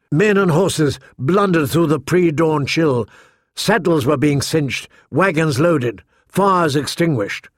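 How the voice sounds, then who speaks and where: A man narrating a fantasy novel in steady scripted narration. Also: on the high side, dry recording, clean studio sound. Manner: steady storytelling. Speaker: audiobook narrator.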